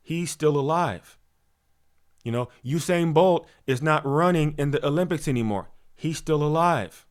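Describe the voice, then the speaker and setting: A man delivers a motivational teaching talk with a slightly high voice. He sounds preachy and animated, leaning on rhetorical questions, stumbling restarts and sudden shifts between loud emphasis and softer asides. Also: measured pace. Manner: preachy, repeats words, many fillers and rhetorical questions. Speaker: spiritual coach.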